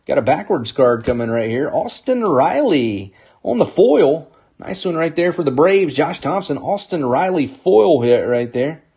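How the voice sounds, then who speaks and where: Upbeat husky man hosting a card break. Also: on the high side, sing-song, a little slow, mellow. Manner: upbeat, calls out names and teams while opening packs. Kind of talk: live card break commentary.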